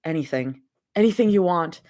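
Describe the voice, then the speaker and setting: A woman voicing a calm, protective young partner in a fanfic read-aloud, speaking low, gentle and soothing. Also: moderate pace, natural voice.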